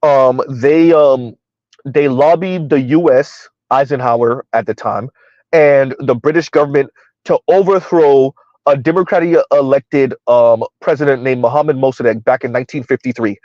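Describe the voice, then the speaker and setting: A middle-aged man hosts casual live-stream commentary for his channel, rambling with many fillers and laughs. His medium-pitched voice is a little mellow and moves at a moderate pace. It's a dull, lo-fi dry recording with no echo.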